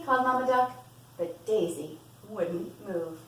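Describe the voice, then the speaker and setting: Animated woman teacher reading to preschoolers. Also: on the high side, unhurried. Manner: animated, sing-song questions to children. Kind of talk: storytime read-aloud to young children. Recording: echoey room, voice from far off.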